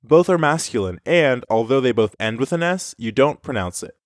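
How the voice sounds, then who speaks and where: A man co-hosting a scripted language lesson, explaining clearly. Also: mid-range voice, expressive, normal speed, dry recording, clean studio sound. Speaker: French teacher.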